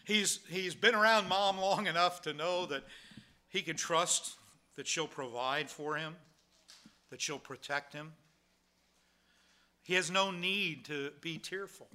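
A man's voice: on the high side, takes it slowly, pauses often, sharp tone. A man preaching a sermon in a conversational way, asking rhetorical questions and restarting his sentences. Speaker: pastor.

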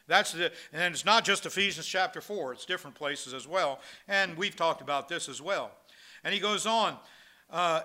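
A man's voice: fairly high pitch, moderate pace, bright, forceful tone. A man preaching a sermon as pastor, reading scripture and speaking with many fillers and restarts. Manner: reads scripture in King James wording, with frequent fillers and restarts.

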